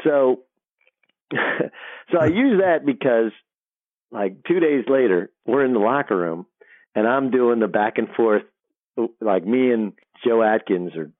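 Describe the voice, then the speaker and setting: A middle-aged man, a sports broadcaster, telling animated locker-room stories as an interview guest, often restarting his sentences. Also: medium pitch, measured pace, dry recording. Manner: animated storyteller, frequent restarts. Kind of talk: storytelling interview. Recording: dry tinny phone line.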